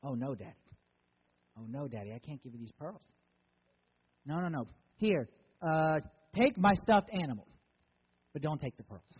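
A man's voice: fairly high pitch, expressive, measured pace, pauses often, slightly rough, dull audio. A man voicing a young girl who pleads over and over to keep her pearls. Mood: pleading. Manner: pleading, repeating herself.

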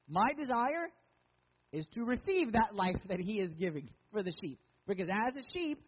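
A man's voice: sits high, slightly rough, long reverb tail, highs cut off. A man preaching as a pastor, conversational and joking with emphatic lines. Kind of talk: sermon.

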